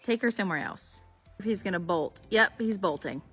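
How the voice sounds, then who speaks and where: A woman's voice: medium pitch, expressive, moderate pace, fairly bright tone, faint music behind. A woman filming her foals in a barn, gushing at them in casual baby talk. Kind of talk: casual vlog talking to foals. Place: horse barn and arena.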